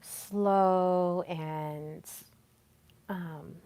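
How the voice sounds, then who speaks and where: Slow, low-voiced woman podcaster. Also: fairly even intonation. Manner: slow, soft and deliberate, with many pauses. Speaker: podcast host. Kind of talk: solo podcast talk on communication.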